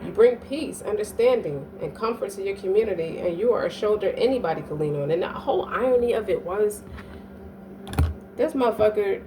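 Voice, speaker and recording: A woman's voice: mid-range voice, animated, a little fast. A woman giving a casual astrology reading, speaking in a profane, emphatic way and often checking "you dig?". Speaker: astrology reader. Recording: distant mic with faint background noise.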